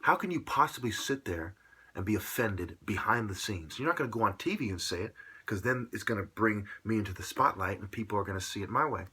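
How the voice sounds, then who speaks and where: A man ranting alone to camera, full of "you know"s, swinging from a low mutter to loud shouts. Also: expressive, a little fast, slightly rough. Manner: filler-heavy, many "you know"s. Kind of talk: solo rant to camera.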